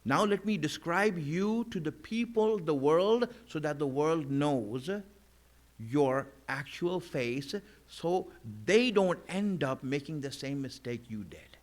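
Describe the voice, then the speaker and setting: A preacher with a somewhat raised pitch delivers a slow, relaxed, conversational sermon. He relies heavily on "you know" and hammers home key lines by repeating them emphatically.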